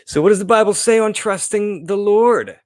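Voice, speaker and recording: A man hosting a casual live stream, chatting loosely and reading scripture slowly and dramatically. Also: high voice, darkish tone. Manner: loose, rambling, playful.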